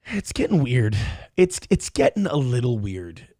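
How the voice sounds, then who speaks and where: A man hosting a morning show, chatting in a rambling, profane, animated way and reading out viewers' messages. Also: mid-range voice, unhurried, no room sound, studio quality. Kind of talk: casual livestream chat.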